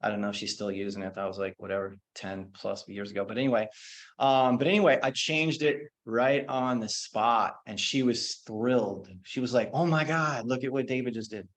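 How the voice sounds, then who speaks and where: A man, teaching as a qigong instructor, telling a story and then talking listeners through a slow guided meditation. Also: lowish voice. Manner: relaxed, anecdotal, slows down for meditation cues.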